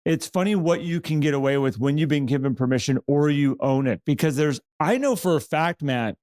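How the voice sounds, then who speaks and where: A man co-hosting a casual podcast, with a slightly high voice. He tells stories animatedly and acts out the quotes, restarting sentences as he goes. The sound is close and dry, with no room around it. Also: fairly quick, no echo. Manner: animated, retells quotes with raised voice and filler restarts. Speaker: podcast co-host. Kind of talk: casual conversational storytelling.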